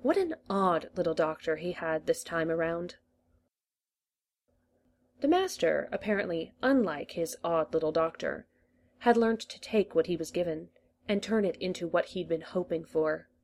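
A woman reads fan fiction aloud in a measured, storytelling manner. Her voice sits on the low side. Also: animated, a little mellow. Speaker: reader.

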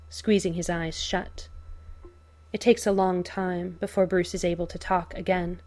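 A woman reads a story aloud in an unhurried, measured way. Her voice sits a little low, and she lets every line land slowly. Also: little pitch movement. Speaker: narrator. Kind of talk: audiobook reading of fan fiction.

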